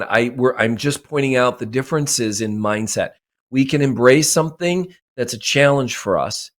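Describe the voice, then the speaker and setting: A man speaking as a podcast guest and mindset coach, talking emphatically and repeating phrases for effect. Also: medium pitch. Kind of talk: motivational interview talk.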